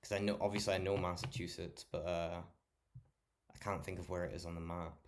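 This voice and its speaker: Male livestreamer, deep low voice, loose sweary late-night chat with viewers. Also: little pitch movement, a little fast. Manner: swears a lot, chatty, talks to chat by name.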